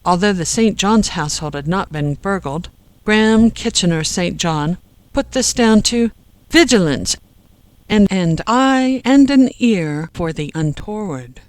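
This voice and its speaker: An audiobook narrator reading a comic story in a steady storytelling manner. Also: mid-range voice, unhurried, clean tone, dry recording, poor audio. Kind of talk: scripted narration.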